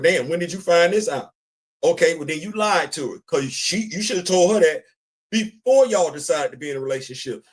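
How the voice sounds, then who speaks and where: A man hosting a casual commentary show, talking bluntly and emphatically, repeating his points. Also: on the high side. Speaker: podcast host.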